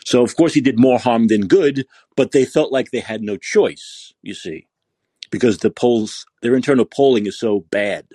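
Male podcast host with a husky voice, combative and mocking, recorded dry. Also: mid-range voice, normal speed, warm tone, no room sound. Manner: sarcastic, combative, insulting. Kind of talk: ranting political commentary.

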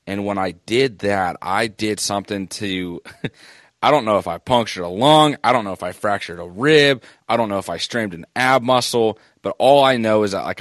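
A man's voice: lowish voice, a bit bright. A man co-hosting a casual sports podcast, telling long self-mocking stories in a rambling way while sore and breathing with effort. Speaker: podcast co-host.

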